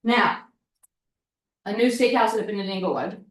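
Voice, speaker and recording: A woman presenting a workshop in a casual, animated way, often saying "like" and "right?" and repeating points for emphasis. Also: medium pitch, normal speed. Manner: chatty and animated, fond of "like" and "right?". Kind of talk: casual seminar talk. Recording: echoey room, mic at a distance.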